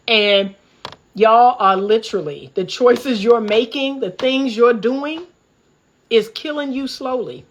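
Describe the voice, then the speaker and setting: The recording is muffled as a middle-aged woman from the D.C. area hosts her livestream commentary monologue. A relationship coach, she talks in a fired-up, preachy, candid manner, using a fairly high voice at a measured pace.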